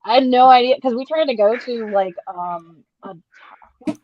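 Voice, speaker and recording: Guest, female, from Montana, relaxed chatter, dull muffled audio. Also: on the high side, unhurried, dry recording. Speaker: guest artist. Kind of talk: casual chat.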